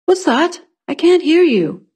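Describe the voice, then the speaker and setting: A woman's voice: very high-pitched, big pitch swings, a little slow, a little mellow, voice pushed up, full character voice. A woman voicing a lazy young guard. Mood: offhand. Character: lazy yawning young man on guard duty.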